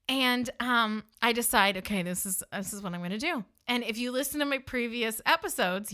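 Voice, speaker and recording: A woman hosting a podcast, telling a personal story in an animated, self-mocking way and acting out the dialogue. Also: fairly high pitch. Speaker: podcast host.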